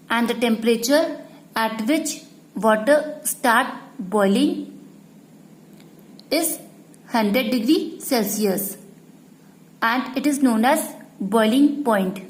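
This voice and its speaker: A woman teacher, explaining a lesson to students slowly and repeating each point. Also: fairly high pitch, poor audio. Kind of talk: slow classroom explanation.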